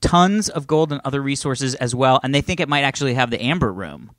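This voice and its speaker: A man co-hosting a casual podcast, telling a story and reading a listener letter with lively, swearing outbursts. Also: a little fast, dry recording, clean studio sound. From Iowa. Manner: animated storytelling with swearing and sudden high-pitched outbursts. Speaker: podcast co-host.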